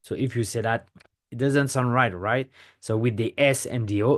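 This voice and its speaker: A man's voice: mid-range voice, moderate pace. Man, French accent, native French speaker, language teacher, patient step-by-step explanations, frequent check-ins. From France. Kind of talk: pronunciation lesson to camera.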